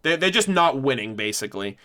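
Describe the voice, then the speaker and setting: A man's voice: medium pitch, big pitch swings, fairly quick, bright, forceful tone. A man hosting a casual livestream discussion, rambling with many restarts and some swearing. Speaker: livestream host.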